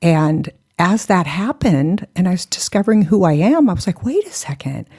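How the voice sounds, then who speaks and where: A woman's voice: lowish voice, very animated, normal speed, mellow, husky. A woman in her forties, a podcast guest, telling her story bluntly and candidly, mocking herself and laughing often.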